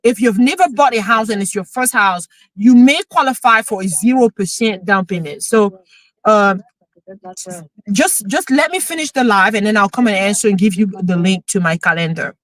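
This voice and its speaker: A woman, a real estate coach chatting emotionally on a live stream, excited as she talks. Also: medium pitch, moderate pace, dry recording, poor audio. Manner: excited, emotional, switching into French.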